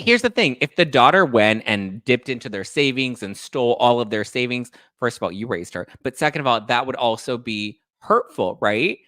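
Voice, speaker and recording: A man's voice: fairly low pitch, a bit bright, dry recording. A man in his thirties hosting a podcast, ranting sassily and acting out both sides of his arguments. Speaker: podcast host. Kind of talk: heated commentary.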